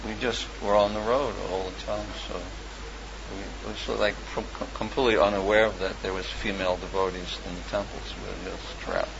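A man with a lowish voice tells a story from his past briskly and in a steady tone, though casually and with lots of rambling, fillers, restarts, and chuckles. The lo-fi recording has a noisy background and clear ambience.

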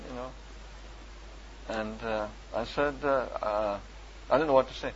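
Chuckling and leaning on "you know," a man casually tells a story from his time distributing books as a volunteer. He speaks at a normal speed in a medium, slightly bright voice with fairly even intonation, captured on a dull lo-fi recording with faint hiss.

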